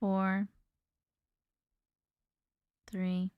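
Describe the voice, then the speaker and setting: A woman's voice: mid-range voice, completely flat delivery, extremely slow, smooth, no echo, muffled recording. A woman hosting a livestream, chatting casually with viewers, greeting them by name and laughing often. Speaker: livestream host.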